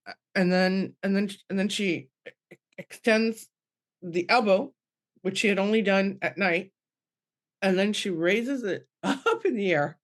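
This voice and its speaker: Mid-aged woman, medium on a podcast, emotional storytelling, restarts a lot, mid pitch. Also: measured pace. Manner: acts out quoted voices, restarts, laughs through tears.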